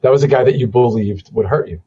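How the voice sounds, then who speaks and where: A man's voice: medium pitch, fast, mellow, breathy edge, muffled recording. A man talking casually on a podcast, rambling and swearing as he tells wrestling stories. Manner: rambling, profane, trailing into mumbles.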